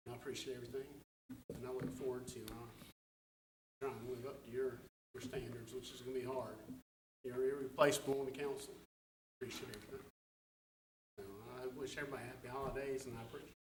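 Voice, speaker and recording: A man, a town councilman giving an emotional, halting speech at a council meeting, his voice catching. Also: medium pitch, level tone, a little hiss or hum, poor audio. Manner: halting, many fillers.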